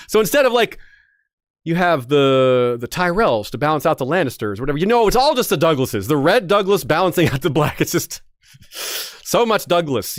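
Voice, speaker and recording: A man hosts a history show in a loose, joking storytelling manner, often restarting his sentences. His voice sits a little high and swoops animatedly up and down. The recording is dry and close. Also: big pitch swings, fairly quick, no echo. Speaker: history podcast host.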